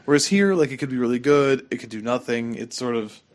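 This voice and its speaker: A man's voice: medium pitch, animated, fairly quick. A man co-hosting a casual game podcast, rambling with many fillers and slightly losing his voice. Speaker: podcast co-host. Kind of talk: casual gaming chat.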